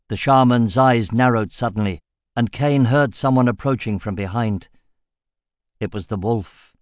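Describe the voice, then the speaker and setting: This is a studio-quality, dry recording of a medium-pitched male narrator reading a fantasy audiobook. His storytelling is measured and even.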